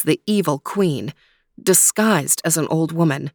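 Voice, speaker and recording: A woman telling a fairy tale aloud in calm, measured storybook narration. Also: low voice, no room sound, clean studio sound. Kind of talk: storybook reading.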